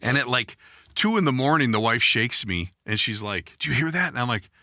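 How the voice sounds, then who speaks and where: Middle-aged male podcast host, profane self-deprecating storyteller, bright tone, dry booth. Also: medium pitch, expressive, moderate pace, dry recording. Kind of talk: casual storytelling chat.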